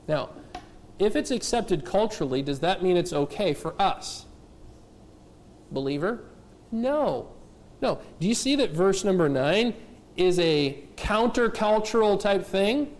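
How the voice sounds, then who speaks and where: Male pastor, high voice, emphatic sermon, lots of rhetorical questions. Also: darkish tone. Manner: addresses kids and adults directly.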